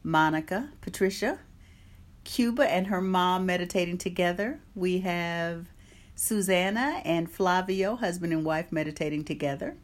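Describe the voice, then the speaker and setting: On a live stream for her online meditation group, a woman talks casually at a moderate pace in a voice on the low side. She calls out viewers by name and reads an oracle card for them.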